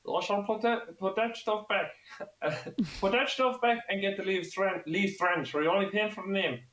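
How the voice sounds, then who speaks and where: A man putting on a teasing male Kerry shopkeeper with a Kerry Irish accent and a high put-on voice. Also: moderate pace, fairly bright tone. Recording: roomy echo.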